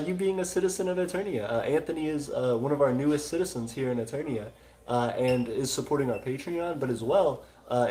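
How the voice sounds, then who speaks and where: A man's voice: mid-range voice, a little mellow, poor audio. Guy hosting a stream, rambly w lots of uhs, ordinary mid voice. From Texas. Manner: rambling, many "uh" fillers, reads viewer comments aloud. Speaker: host of a micronation livestream. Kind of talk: casual livestream chat reading comments.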